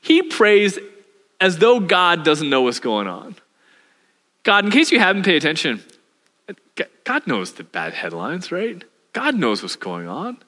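A man preaching a sermon as pastor, animated and telling the story with humor. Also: high voice, measured pace, pauses often. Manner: animated storytelling, acts out voices with laughs. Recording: hall reverb.

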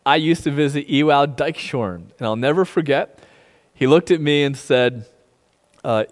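A male pastor preaching a sermon in a relaxed, conversational way, often checking in with "right?". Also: a little high, measured pace. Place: sanctuary streamed online. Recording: long reverb in a large room.

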